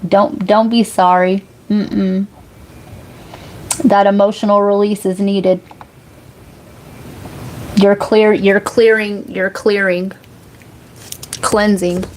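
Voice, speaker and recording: A woman talks unhurriedly with her viewers, loose and conversational. She laughs often and swears without a second thought. A faint hiss sits under her mid-pitched voice. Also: little pitch movement, slow pace, long pauses, a little mellow. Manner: chatty, laughs often, curses freely. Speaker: psychic reader on a livestream. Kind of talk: casual live chat reading comments.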